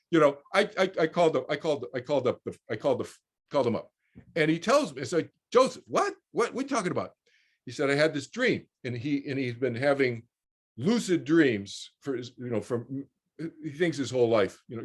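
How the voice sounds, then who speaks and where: A man in his sixties telling a personal story as a guest on a video call, rambling with repeated words and restarts. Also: mid-range voice. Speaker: guest speaker.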